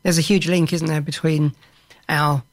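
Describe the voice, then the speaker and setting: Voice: mid-range voice, little pitch movement, normal speed. An interviewer hosting a talk, asking questions with hesitant restarts and fillers. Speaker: interviewer host.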